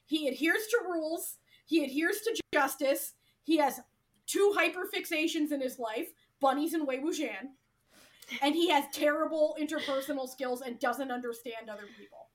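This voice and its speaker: A woman's voice: high-pitched, normal speed, a little hiss or hum. A woman co-hosting a casual podcast, gushing about a show, swearing freely and saying "like" a lot. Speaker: podcast co-host.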